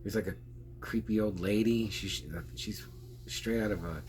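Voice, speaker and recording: Homme à la voix grave, critique de film bavard. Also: male voice, lowish voice, normal speed, darkish tone, slight background noise. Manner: rambling, chatty, laughs often. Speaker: film reviewer. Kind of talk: casual spoken film review.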